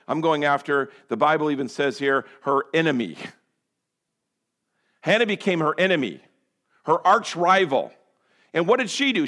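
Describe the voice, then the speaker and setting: A man preaching a sermon who swings between loud and hushed delivery and acts out prayers and quoted lines. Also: fairly high pitch. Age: adult parent. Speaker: pastor.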